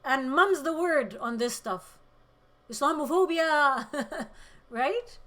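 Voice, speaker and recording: Impassioned high-voiced woman livestreaming. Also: lively intonation, slow. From Middle East. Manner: impassioned, shifts between loud outbursts and quiet emotion. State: emotional, close to tears. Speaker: livestream host reading chat comments. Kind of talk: emotional political livestream talk.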